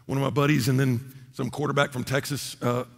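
A man preaching a sermon as a pastor from the United States, emphatic, repeating key phrases and swinging between loud and quiet. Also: mid-range voice, level tone, brisk, gravelly. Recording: long hall reverb.

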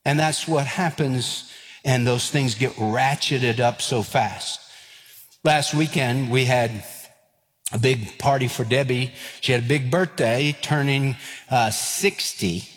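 A man, preaching a sermon and telling stories with lively acted-out voices. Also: mid-range voice, slow pace. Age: 50s. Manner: animated, acts out quoted voices and escalating lines. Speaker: pastor. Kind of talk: sermon with storytelling. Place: church sanctuary. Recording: long hall reverb.

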